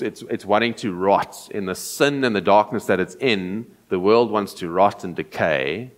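A man preaching an earnest, explanatory sermon, often pausing and restarting as he thinks. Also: fairly low pitch.

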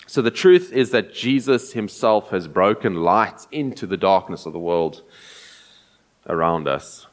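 A man preaching an earnest, explanatory sermon, often pausing and restarting as he thinks. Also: low-pitched, lively intonation.

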